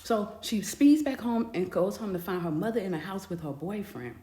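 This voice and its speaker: A woman casually narrating a dramatic story in a chatty, animated way. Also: medium pitch, normal speed. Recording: echoey room.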